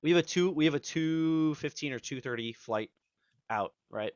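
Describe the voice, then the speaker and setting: A man's voice: on the high side, lively intonation, normal speed, smooth, no room sound. A man in his twenties, a podcast co-host, telling a rambling, profane story in casual chat and acting out what people said. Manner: rambling, profane, acts out quotes. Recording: slightly dull, dry audio.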